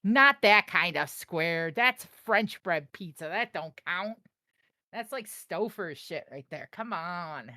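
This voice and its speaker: Trading on a live stream, a young Chicago-area woman with the local accent jokes brashly and animatedly with her chat. Her voice runs on the low side at a slow pace.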